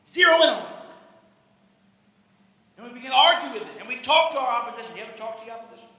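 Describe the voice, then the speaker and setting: Pastor guy preaching, really high sharp voice, big echoey church hall. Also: quick pace, long pauses. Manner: animated preaching, swings from shouting to hushed asides. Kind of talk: sermon. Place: church sanctuary.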